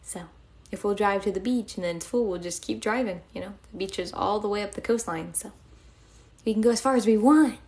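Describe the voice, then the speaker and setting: A woman's voice: medium pitch, fairly quick, darkish tone. Giggly young woman live-streaming. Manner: giggly, chatty, often thanks viewers. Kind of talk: casual live-stream chat with viewers.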